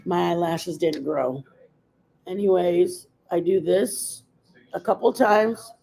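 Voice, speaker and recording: A woman's voice: on the low side, animated, takes it slowly, vocal fry, mellow, poor audio. A woman hosting a casual makeup livestream, chatting in a rambling, opinionated way. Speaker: livestream host.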